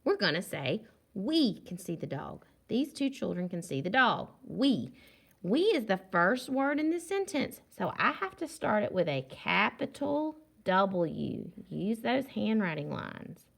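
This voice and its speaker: A woman teacher giving a recorded phonics lesson to young children, sounding out words slowly and clearly and praising them. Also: medium pitch, very animated.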